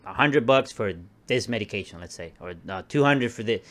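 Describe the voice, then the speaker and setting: A man's voice: lowish voice, brisk. Rambling young man telling stories. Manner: rambling, animated storytelling with swearing. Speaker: podcast co-host. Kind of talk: casual chat.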